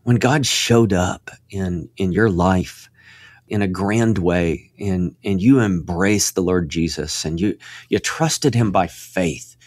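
A man speaking as a guest in a Christian radio interview, earnest and preacherly, often restarting and repeating words, and rising to emphatic peaks when he gets excited. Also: lowish voice, no echo.

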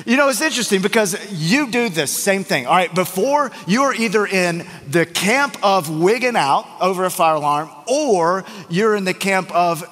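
A man delivers a sermon in a relaxed, joking, conversational way, stumbling through fillers and restarts. His voice sits a bit high for a man. The sound carries a long church-hall reverb. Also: moderate pace. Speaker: pastor. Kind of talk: sermon with storytelling. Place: church sanctuary.

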